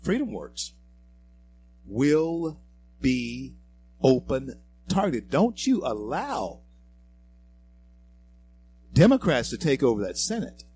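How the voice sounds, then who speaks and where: A sing-song male voice of medium pitch and darkish tone moves slowly, with long pauses, over slight background noise. He's a radio talk show host giving preachy, emphatic political commentary directly to listeners, whom he calls folks and friends.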